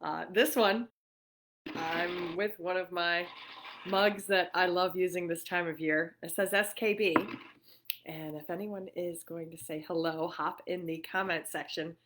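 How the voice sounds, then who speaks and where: A middle-aged woman hosts a relaxed livestream chat from her own living room. Her voice sits slightly low, and she talks in loose, rambling runs, full of fillers and easy laughter. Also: measured pace, a little hiss or hum. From New York. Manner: chatty, warm-hearted and laughing often, with many fillers. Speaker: livestream host.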